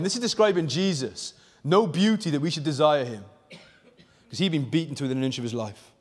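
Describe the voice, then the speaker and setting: A man preaching a passionate sermon, swinging between fervent, near-shouted emphasis and hushed intensity. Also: mid-range voice, expressive, fairly quick, breathy edge. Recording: long reverb of a large hall.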